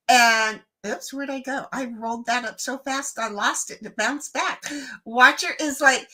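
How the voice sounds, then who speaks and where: A woman hosting a casual live-stream chat, telling animated stories and acting out the other people in them. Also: sits high, moderate pace. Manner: animated storyteller who acts out other voices. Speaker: stream host.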